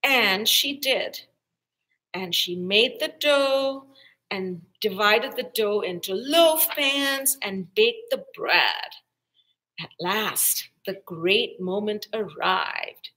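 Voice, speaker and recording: Lady librarian doing storytime, slow and bright, lots of up and down. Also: mid-range voice, animated, poor audio. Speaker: children's librarian. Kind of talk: children's storytime reading.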